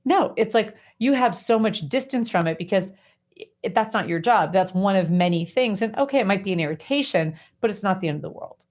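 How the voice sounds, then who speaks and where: A woman hosting a radio talk show, coaching her guest in a lively, chatty way with lots of fillers. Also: medium pitch, fairly quick. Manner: animated, chatty explaining with many fillers. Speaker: host and life coach.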